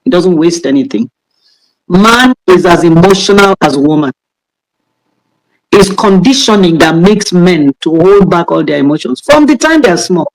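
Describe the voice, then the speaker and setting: A woman's voice: fairly low pitch, lively intonation, moderate pace, rough recording. A Nigerian woman pastor teaching in an interview, repeating key words for emphasis. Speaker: pastor and guest speaker.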